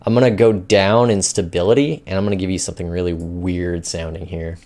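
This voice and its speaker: A man's voice: low-pitched, steady tone, a little fast, a little mellow. A man hosting a finance news show, talking in loose, rambling casual commentary with many fillers.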